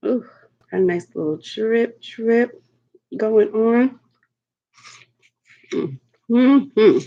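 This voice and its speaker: Sassy woman hosting a slow eating stream. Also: fairly high pitch, muffled recording. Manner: sassy, playful, laughs often, endearments like honey and darling. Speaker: mukbang host. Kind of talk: live-stream eating chat.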